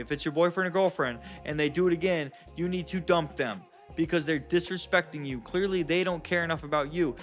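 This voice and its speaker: A man's voice: a little high, fairly bright tone. A man giving blunt, casual advice straight to his viewers, calling them guys and bro. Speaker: self-help vlogger. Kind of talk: casual direct advice to camera.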